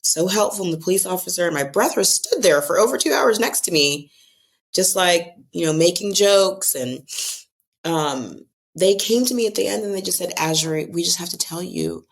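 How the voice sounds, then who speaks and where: An American woman tells a personal story in a relaxed podcast conversation. Her voice sits a little low, and she slips into the voices of the people she quotes with lively swings of pitch. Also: normal speed, vocal fry. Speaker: guest author.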